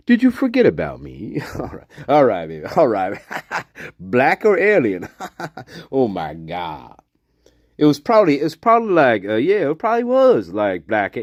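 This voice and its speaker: Giggly, animated man hosting a stream. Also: medium pitch, no echo, studio quality. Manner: giggly and joking, laughs between lines; drops into breathy whispers at times. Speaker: livestream host. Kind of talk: casual livestream chat.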